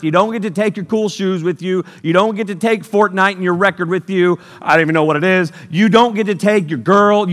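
A man preaching a sermon, energetic and jokey, swinging between loud bursts and hushed passages. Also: high voice. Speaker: youth pastor. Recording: long reverb of a large hall.

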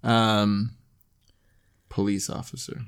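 A man co-hosting a casual podcast chat, rambling and halting with lots of fillers. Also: on the low side, little pitch movement, clear, resonant tone. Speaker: podcast co-host.

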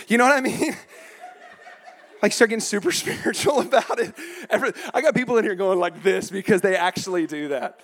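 Animated, laughing male pastor. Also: high-pitched, fast talker. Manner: animated, laughing, acts out quotes. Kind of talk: humorous sermon. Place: church.

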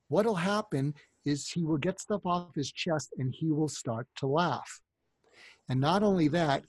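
A man's voice: fairly high pitch, slightly rough, no echo. A man who counsels parents, giving advice as anecdotes and acting out the voices in his stories. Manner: animated storyteller, acts out quoted voices.

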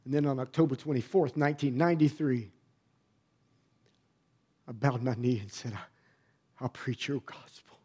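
A middle-aged man, a pastor, preaching a personal testimony in a conversational storytelling way, dropping to a hush and then rising to emphatic bursts. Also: mid-range voice, steady tone, moderate pace, long pauses. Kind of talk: sermon testimony.

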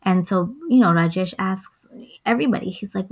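A woman's voice: medium pitch, a little fast. A woman in casual chat, retelling a movie plot with lots of acted-out lines. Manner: animated storytelling, acts out lines and hums songs. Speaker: co-host recapping a film.

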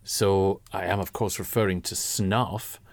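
A man's voice: deep voice, steady tone, unhurried, no room sound. A man co-hosting a podcast, chatting in an enthusiastic, sweary way. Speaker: podcast co-host. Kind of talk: casual chat.

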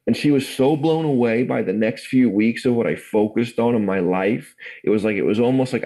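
A man's voice: medium pitch, a little fast, hardly any pauses, dark tone, rough recording. An English man in his forties, telling his life story in a rambling, casual way full of fillers. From England. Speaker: guest. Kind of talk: casual testimony interview.

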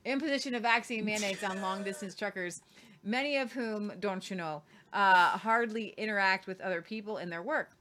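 A woman's voice: medium pitch, normal speed, sharp tone. A woman hosting a news show, delivering opinionated commentary with emphatic, sarcastic asides.

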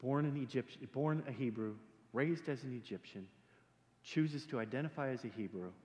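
A male pastor preaching a sermon in a church, animated and joking, often repeating words as he starts sentences. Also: medium pitch, normal speed. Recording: echoey hall reverb.

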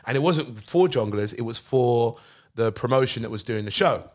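A man with a London accent, hosting a podcast and telling stories in animated, slangy casual chat. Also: medium pitch, moderate pace. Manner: animated storytelling with slang like bruv. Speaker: podcast host.

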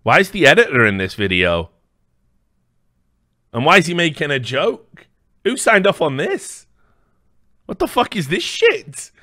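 Sarcastic streamer, bright and animated. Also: male voice, on the high side, measured pace, pauses often, dry recording, clean studio sound. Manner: mocking, sarcastic, swears a lot. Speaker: streamer reacting to a video. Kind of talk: live stream reaction commentary.

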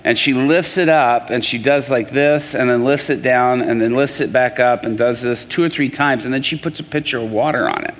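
A man preaching, telling a testimony story with lively pacing, frequent restarts and acted quotes. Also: mid-range voice, moderate pace, hardly any pauses. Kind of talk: testimony sermon. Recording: long hall reverb.

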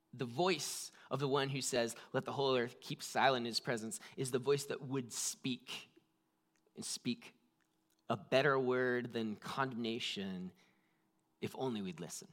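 A man's voice: medium pitch, normal speed. A man preaching a conversational sermon, full of "like" fillers and shifting emphasis. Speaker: pastor.

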